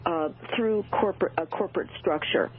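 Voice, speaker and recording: A woman's voice: fairly low pitch, normal speed. A woman talking as a radio show guest, urgent and full of uh and um fillers. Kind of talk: radio call-in talk. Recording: tinny phone line.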